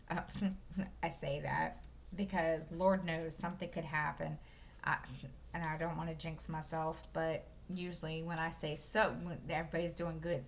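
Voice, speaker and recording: A woman's voice: on the low side, a bit bright. A woman, chatting casually to viewers while she works on a craft, rambling with lots of fillers and restarts. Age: 50s. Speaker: crafting channel host. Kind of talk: casual chat while stitching. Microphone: desk microphone.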